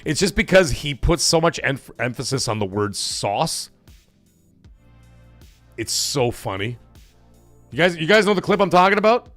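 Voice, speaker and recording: Male streamer host, animated, dry close mic, faint music behind, rambling casual chat. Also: on the high side, moderate pace, long pauses, no echo. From Italian-American background. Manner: chatty, rambling, laughing often. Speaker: livestream host.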